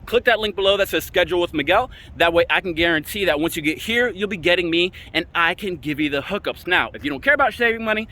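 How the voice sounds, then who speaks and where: A man selling and reviewing a car in a casual vlog, with an upbeat, salesy pitch and playful asides, filmed on a phone outdoors. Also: expressive, quick pace, few pauses, pushed and bright. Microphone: phone camera.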